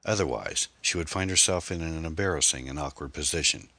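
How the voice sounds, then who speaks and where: Very deep-voiced male novel narrator. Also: no room sound. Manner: measured, steady storytelling. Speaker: audiobook narrator.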